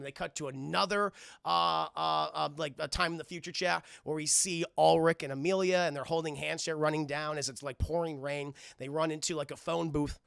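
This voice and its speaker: Gravelly, bright-toned man recapping a cartoon. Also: a little high, no room sound, studio quality. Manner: acts out characters' lines in quick put-on voices, swears often; talks to his stream chat. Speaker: cartoon reviewer streaming live. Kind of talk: animated live-stream recap.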